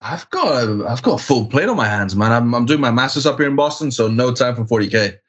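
A man rejoining a gaming podcast as a guest, giving quick, offhand replies. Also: mid-range voice, lively intonation, fairly bright tone, dull audio. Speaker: returning guest. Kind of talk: casual podcast banter.

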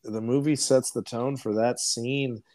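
A man co-hosting a podcast, recapping a film in a rambling, profane, animated way. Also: medium pitch, unhurried. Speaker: podcast co-host. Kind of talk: casual movie review chat.

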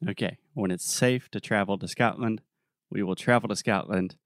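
A young adult man co-hosting a podcast, telling a story in a relaxed, casual way with plenty of fillers. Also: fairly low pitch, normal speed, no echo, studio quality. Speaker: podcast co-host.

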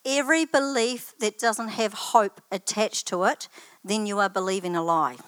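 A woman's voice: medium pitch, moderate pace, dry recording. Older woman sharing a chatty testimony. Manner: chatty, anecdotal storytelling with asides. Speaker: church student giving a testimony. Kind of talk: personal testimony talk.

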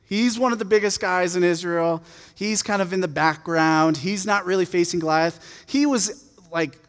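A man preaching a sermon, retelling a story in a casual, animated and humorous way. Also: sits high, moderate pace, long reverb tail. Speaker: pastor.

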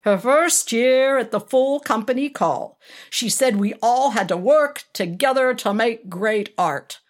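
A woman's voice: on the high side, measured pace, pitched above the performer's own voice, natural voice. A woman doing a blunt middle-aged character actor. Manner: blunt, crude, matter-of-fact.

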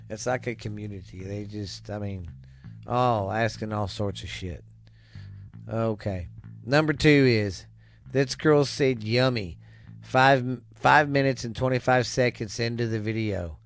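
A man's voice: lowish voice, slow, soft background music. A man hosting a vlog, reading viewer comments aloud with crude jokes and rambling asides.

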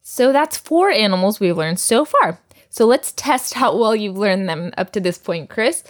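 A woman's voice: mid-range voice, lively intonation, unhurried. A woman teaching a recorded language lesson, patiently drilling words and laughing often.

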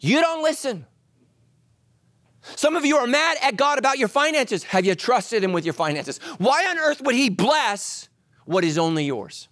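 A male pastor delivering a sermon with a high, lively voice that climbs and drops. He tells his stories with humor and swings from loud emphasis to hushed asides. The recording is dry and close, with no room echo. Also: normal speed.

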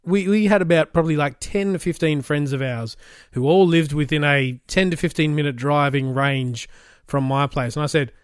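Animated storytelling man, higher voice. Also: normal speed, dry recording, studio quality. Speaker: podcast co-host. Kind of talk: casual chat, storytelling.

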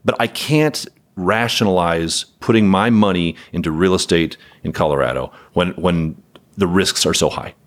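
A man's voice: sits low, moderate pace. A man who runs a property management company, speaking as a podcast guest in a candid, wry way with chuckles. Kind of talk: podcast interview conversation.

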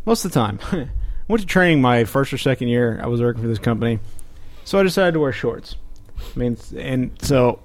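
A man's voice: mid-range voice, lively intonation, a little fast. A man hosting a casual podcast, joking crudely and telling stories with animation. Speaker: podcast host. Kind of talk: casual chat.

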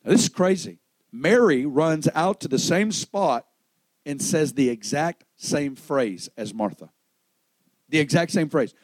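A man preaches a sermon at a church service in a fairly high voice, heard dry and close with little room sound. He swings from loud, raised peaks to hushed, low lines and acts out the voices of the people in his story. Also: expressive, a little slow, no echo, poor audio.

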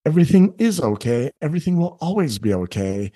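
A middle-aged man who works as a life coach, talking earnestly on a podcast and often acting out other people in quick asides. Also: on the high side, big pitch swings, mellow, husky. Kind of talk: candid podcast conversation.

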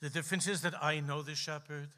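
A man, a preacher, voicing a gentle, wise old rabbi in a quiet, slow, hushed way. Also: on the high side, steady tone, voice pushed down. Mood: tender.

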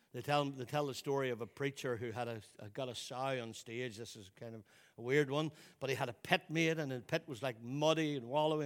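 A man preaching a sermon in a church service, emphatic and given to repeating words as he presses his points. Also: mid-range voice. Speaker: pastor.

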